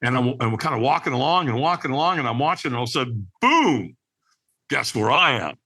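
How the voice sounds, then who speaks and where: A man, a podcast guest, telling a personal story with animated energy, acting out other people's lines and often checking in with "right?". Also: medium pitch, very fast, husky.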